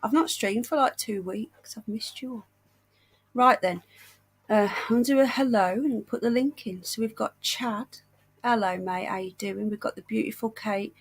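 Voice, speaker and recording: Brief: British woman livestream host, husky voice, under the weather and breathless, warm endearments. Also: mid-range voice, normal speed. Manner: chatty, affectionate, greets viewers with endearments. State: unwell, short of breath. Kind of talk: casual livestream chat.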